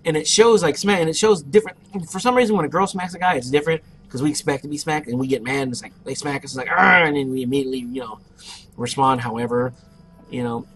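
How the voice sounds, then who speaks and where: A young man narrating his online game play, telling a loud, profane story about a fight. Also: medium pitch, fast, breathy edge. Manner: brash, profane, boastful storyteller. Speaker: gameplay commentator. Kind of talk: casual let's play storytelling.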